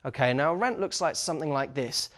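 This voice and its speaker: A man's voice: fairly high pitch, quick pace. A young man giving a dating lesson, talking with energy and acting out bits of sample dialogue. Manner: energetic, acts out sample dialogue, frequent "okay?" check-ins. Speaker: dating coach. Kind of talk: instructional talk to camera.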